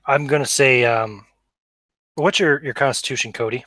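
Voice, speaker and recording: A man's voice: medium pitch, normal speed, bright, forceful tone, no echo. Easygoing man running the game, dry sound. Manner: easygoing, explaining at length. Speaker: game master. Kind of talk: casual tabletop game talk.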